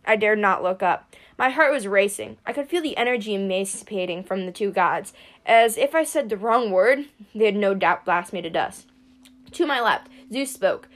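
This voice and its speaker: A woman's voice: medium pitch, moderate pace. Woman reading a first-person story aloud. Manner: reads steadily with occasional slips. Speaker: reader.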